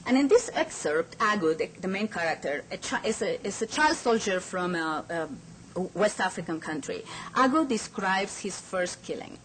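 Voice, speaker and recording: A woman's voice: medium pitch, expressive, moderate pace, fairly bright tone, slight background noise, poor audio. Earnest woman giving an academic lecture. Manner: earnest, emphatic academic delivery. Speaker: academic speaker. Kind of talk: conference lecture.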